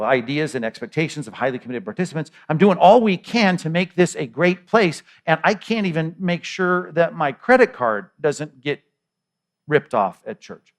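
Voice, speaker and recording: A middle-aged male pastor preaching a sermon in a conversational way, with repeated words and rhetorical questions. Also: on the high side.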